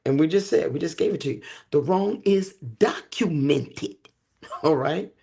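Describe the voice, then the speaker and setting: A man's voice: on the high side, unhurried, creaky, mellow, husky. A man hosting a livestream teaching talk, with a preacher-like cadence, drawing out key words and checking in with listeners. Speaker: host.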